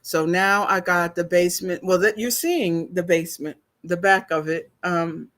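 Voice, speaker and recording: An older woman, telling a story to her viewers in a slow, chatty, emotional way, teary and sniffling. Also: on the low side, steady tone, a bit bright. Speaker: vlogger.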